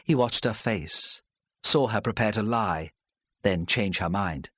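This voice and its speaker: A man's voice: lowish voice, a little slow, fairly bright tone, slightly rough, dry recording, studio quality. A man reading a crime novel aloud as a narrator, telling the story expressively. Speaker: audiobook narrator. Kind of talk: scripted audiobook narration.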